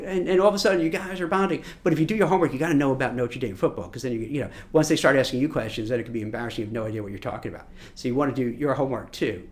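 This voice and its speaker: A man from Brooklyn, a recruiter, giving a lively coaching lesson on job interviews, often repeating words and acting out what people say. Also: medium pitch, very fast, few pauses. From Brooklyn, New York. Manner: animated, repeats words, acts out quotes. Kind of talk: coaching masterclass talk.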